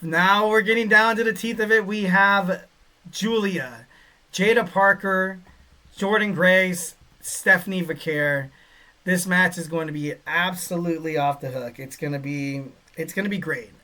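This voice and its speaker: Male podcast host, fairly high voice, bright and forceful, casual, rambling, excitable. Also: unhurried. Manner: rambling, filler-heavy, excitable. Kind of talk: casual solo wrestling podcast.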